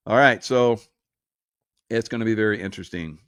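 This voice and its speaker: A man's voice: on the low side, normal speed, pauses often, smooth, no room sound, clean studio sound. A man hosting a casual political commentary show, sarcastic and laughing through mocking asides.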